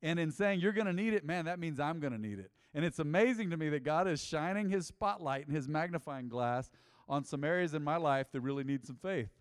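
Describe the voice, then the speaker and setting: Male pastor, lively interactive sermon, teasing the crowd; close dry mic in a reverberant church. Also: a little high, brisk, clear, resonant tone. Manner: lively, jokes with the congregation, repeats answers.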